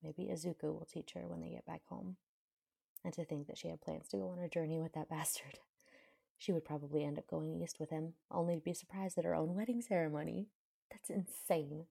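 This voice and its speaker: A woman reads a fan-fiction story aloud and narrates it plainly. Her voice is low and mellow, with heavy vocal fry throughout. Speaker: audiobook reader.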